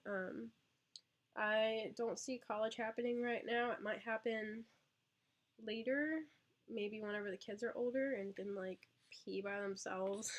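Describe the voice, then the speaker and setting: A young woman and mother answering viewer questions on a casual live stream, with lots of ums and small laughs. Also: on the high side. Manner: chatty, lots of ums, talks to her baby. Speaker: vlogger and mother.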